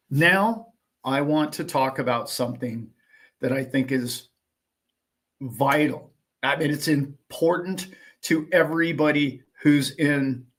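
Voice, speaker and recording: A man's voice: mid-range voice, fairly bright tone. A man hosting a casual livestream, talking emphatically in a ranting way and firing off rhetorical questions. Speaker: livestream host.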